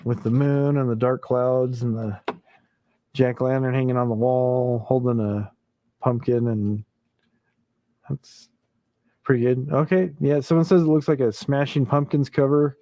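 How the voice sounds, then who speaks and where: A man's voice: medium pitch, steady tone, unhurried, long pauses, mellow, dry recording. A man hosting a casual late-night livestream, chuckling often and reading viewer comments aloud. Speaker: livestream host.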